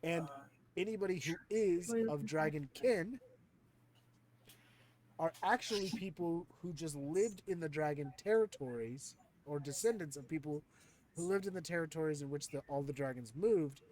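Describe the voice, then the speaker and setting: A man's voice: on the high side, moderate pace, darkish tone. A man acting as game master in a casual session chat, laid-back and joking, swearing freely.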